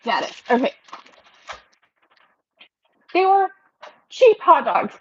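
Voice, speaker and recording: Casual livestream lady, kinda high voice, rambly and laughy, muffled stream audio. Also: sing-song, takes it slowly, fairly bright tone, no room sound. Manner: chatty and rambling, laughs often. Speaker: realtor hosting a livestream.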